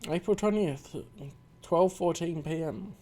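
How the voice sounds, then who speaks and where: A man's voice: fairly high pitch, a little slow, a little hiss or hum. A man hosting a let's play, chatting casually and laughing as he reads and voices a game. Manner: chatty, animated, laughs often. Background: music.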